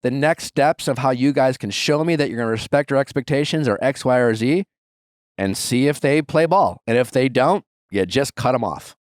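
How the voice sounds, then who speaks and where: A man's voice: mid-range voice, moderate pace, no echo, studio quality. A man in his thirties hosting an advice podcast, talking bluntly and emphatically and swearing freely. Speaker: podcast host giving advice. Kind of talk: casual advice chat.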